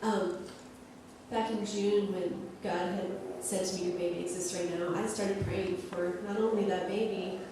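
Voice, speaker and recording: A woman quietly and earnestly sharing her testimony about prayer with an audience. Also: on the low side, fairly even intonation, unhurried. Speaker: adoptive mother sharing testimony. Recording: echoey room from far off with noise.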